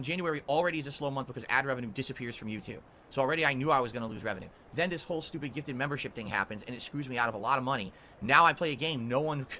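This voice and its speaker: A man's voice: medium pitch, pushed and bright. A man livestreaming casually, rambling and complaining, with faint background noise.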